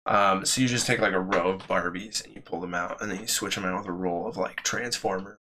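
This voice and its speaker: A man's voice: sits low, steady tone, fairly quick, crowd noise. A young man co-hosting a podcast in casual chat, laughing often and telling stories in rambling restarts. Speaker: podcast co-host.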